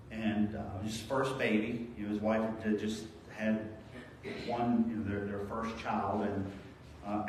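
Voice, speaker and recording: A male pastor preaching a sermon, earnest and storytelling, moving between raised emphasis and quiet reflection. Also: medium pitch, slight background noise. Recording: very echoey church hall, voice from far off.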